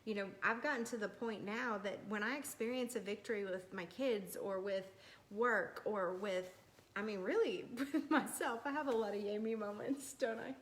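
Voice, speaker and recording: A woman in an earnest, storytelling manner, sharing personal experiences from her marriage. She co-leads the talk with her husband and speaks with a middle-pitched voice. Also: normal speed. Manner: earnest, storytelling, laughs often. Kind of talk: sermon-style couple talk.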